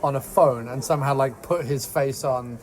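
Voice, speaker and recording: A man's voice: medium pitch, normal speed, crowd noise. A man co-hosting a casual film-review podcast, rambling and incredulous with frequent restarts. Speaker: podcast co-host.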